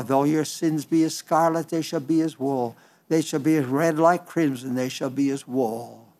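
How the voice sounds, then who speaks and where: A man preaching a sermon, fervent and repetitive, with frequent restarts. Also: on the high side.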